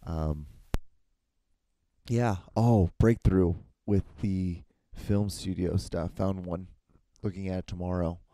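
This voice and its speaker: Gravelly, low-voiced podcast man. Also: fairly even intonation, slow, mellow, dry recording. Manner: profane, ranting, casual. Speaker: podcast host. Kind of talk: solo podcast commentary.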